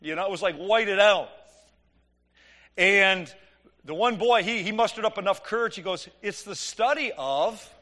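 A middle-aged man preaching, telling an animated, joking story and acting out the dialogue. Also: high-pitched, moderate pace, pauses often. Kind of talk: sermon storytelling.

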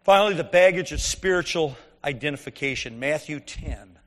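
A man's voice: fairly high pitch, expressive, normal speed, fairly bright tone, big-room sound. A man preaching a conversational sermon, telling stories and asking the congregation rhetorical questions.

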